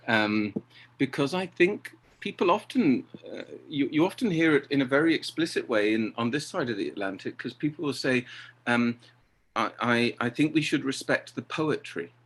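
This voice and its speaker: Middle-aged guy chatting about directing, lively, mid-range voice, does little voices for quotes. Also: mid-range voice, moderate pace. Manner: animated, acts out quoted exchanges. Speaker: theatre director. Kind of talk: conversational interview.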